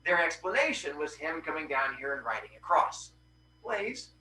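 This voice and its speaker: A man's voice: on the high side, sing-song, moderate pace, bright, forceful tone, slight background noise, rough recording. A male teacher in a classroom retelling a Greek myth in a casual, joking, slangy way and answering students.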